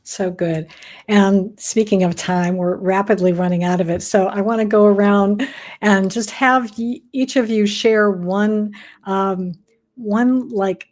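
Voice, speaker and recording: Softly affirming woman hosting a panel. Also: medium pitch, steady tone, unhurried. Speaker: host. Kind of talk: panel talk show hosting.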